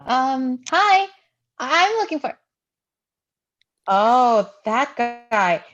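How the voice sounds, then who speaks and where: Cast: woman reading a flustered young woman, somewhat high voice, dull lo-fi recording. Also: big pitch swings, extremely slow, fairly bright tone, faint music behind, heavily acted. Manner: hesitant, fumbling. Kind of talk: live play reading.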